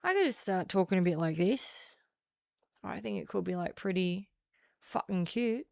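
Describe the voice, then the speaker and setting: A woman's voice: fairly low pitch, lively intonation, moderate pace, gravelly, a little mellow, no echo, clean studio sound. A woman putting on a broad, cheeky Australian woman, drawling and swearing freely. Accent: exaggerated Australian. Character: broad, brash Aussie woman, cheeky and crude.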